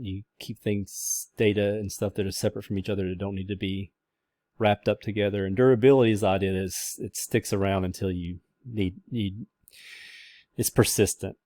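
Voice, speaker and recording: A man's voice: on the low side, a little mellow, dry recording, clean studio sound. A man lecturing a class in a casual, rambling way, with many fillers and restarts.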